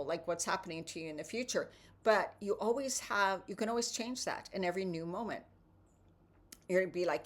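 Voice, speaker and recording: Chatty woman with a low voice. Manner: chatty, often adds "right?". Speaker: host reading tarot cards. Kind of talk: casual motivational morning talk.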